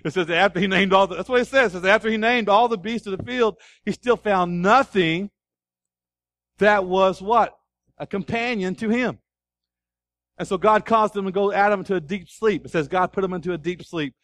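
A man preaching a sermon as pastor, animated, asking the congregation questions and acting out scenes. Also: sits high, normal speed, no room sound, clean studio sound. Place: church.

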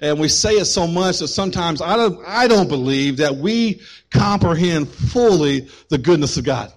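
A man preaching a sermon to his congregation, animated, getting louder for emphasis and then dropping low, with quick asides and jokes to the room. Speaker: pastor.

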